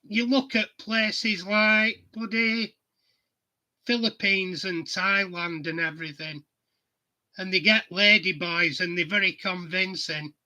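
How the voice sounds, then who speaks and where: A middle-aged man, chatting casually and telling stories at an unhurried pace. His voice is high and very bright, and he laughs at his own anecdotes. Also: highs cut off. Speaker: livestream host. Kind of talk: casual chat.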